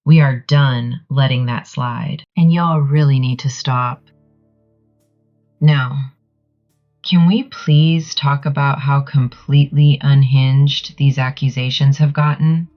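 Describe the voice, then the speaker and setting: A woman's voice: rumbling low, dull audio. A woman with a Southern US accent giving a sassy, emphatic commentary monologue to camera. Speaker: channel creator.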